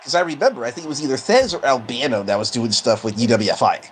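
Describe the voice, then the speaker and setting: A man's voice: medium pitch, expressive, quick pace, slight background noise, low-quality recording. A man co-commenting casually on a simulated wrestling game, recalling and correcting wrestling history. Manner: conversational, corrects and recalls details.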